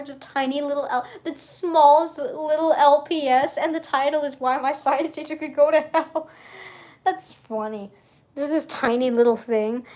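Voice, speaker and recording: A young woman chatting casually on a livestream, rambling, interrupting herself and giggling often. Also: high-pitched. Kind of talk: casual stream chat.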